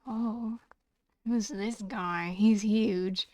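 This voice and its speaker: A woman's voice: mid-range voice, steady tone, very slow, a little mellow, slight background noise. A young woman streamer chatting and muttering asides while playing a story game live. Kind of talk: live let's-play commentary.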